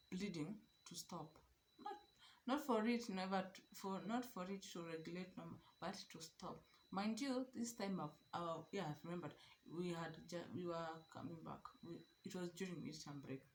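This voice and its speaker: A young Kenyan woman telling her own story to camera in an animated, emphatic way, slipping Swahili phrases into her speech. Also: lowish voice, a little hiss or hum. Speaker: vlogger.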